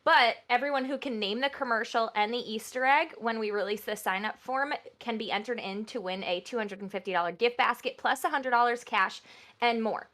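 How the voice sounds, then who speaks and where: A woman's voice: a little high, a little fast, a bit bright. Bubbly woman esports caster. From New York. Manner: bubbly, chatty, laughs often. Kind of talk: live esports commentary. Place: broadcast booth.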